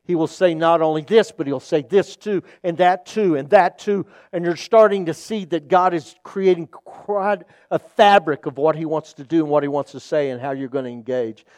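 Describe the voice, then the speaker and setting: Male pastor preaching, earnest storyteller who voices his characters, pitched a bit high, dry close sound. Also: fairly even intonation, moderate pace, hardly any pauses, darkish tone, no echo. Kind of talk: sermon with personal storytelling.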